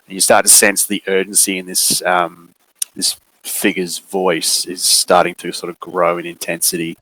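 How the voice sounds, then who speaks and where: A man, running a tabletop game and describing the scene with many pauses and fillers. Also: deep voice, monotone, sharp tone, dry recording, rough recording. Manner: unhurried, hesitant with many fillers. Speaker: game master.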